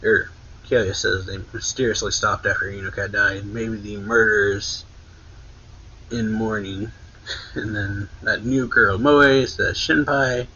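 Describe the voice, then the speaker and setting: A man's voice: fairly low pitch, steady tone, takes it slowly, sharp tone, highs cut off, slight background noise. A man casually recapping a manga chapter for a reaction channel, rambling along with lots of "like" and self-corrections. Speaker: anime reaction channel host.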